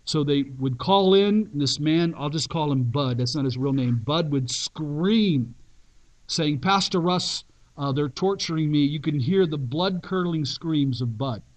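A male pastor telling a dramatic story in a sermon, emphatic and with long pauses. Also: on the high side, darkish tone, rough recording.

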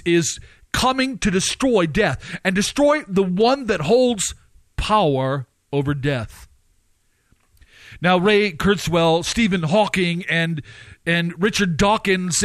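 A man preaching and commenting, firing off rhetorical questions with his pitch swinging up and down. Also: fairly bright tone, dry recording.

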